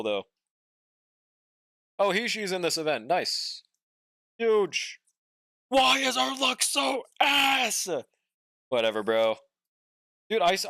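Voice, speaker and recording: A man's voice: a little high, a bit bright, no room sound. Laid-back young male streamer, dry close mic. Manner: laid-back, drawling, swears often, reads and answers chat. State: yawning, sleepy. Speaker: gaming streamer. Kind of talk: casual live-stream chat while playing.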